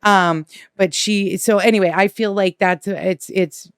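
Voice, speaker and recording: A middle-aged woman swaps stories on a podcast, swearing freely and acting out the people in them. Her voice sits at an ordinary pitch for a woman. The studio sound is close and dry. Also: unhurried, clean tone, dry recording. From Boston area. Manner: profane, animated storytelling with voiced impressions. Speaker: comedian guest. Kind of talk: casual podcast chat.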